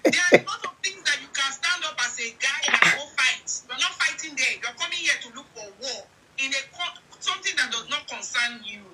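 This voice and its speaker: A woman's voice: sits high, expressive, a little fast, few pauses, very noisy. A woman with a Nigerian accent giving heated casual commentary, firing off indignant rhetorical questions.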